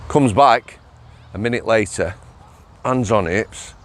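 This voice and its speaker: A man tells a story in loose, chatty vlog style. His voice sits on the low side, he laughs often, and he keeps checking in with "yeah?". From England. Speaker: former prison officer vlogger. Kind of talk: casual storytelling monologue.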